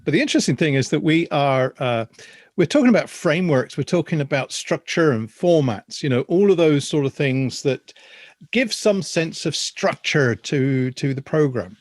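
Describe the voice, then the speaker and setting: A man's voice: fairly high pitch, animated, normal speed, no room sound, clean studio sound. A man hosting a podcast, speaking in a rambling, hesitant, reflective way and laughing easily. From Ireland. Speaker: podcast host. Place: video call.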